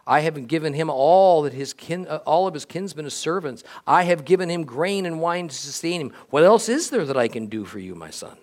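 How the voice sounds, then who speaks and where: A solemn old father pronounces blessings in a measured, weighty voice, read aloud by a man. The pitch rises and falls with the lines. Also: animated, darkish tone, lightly acted. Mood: grave.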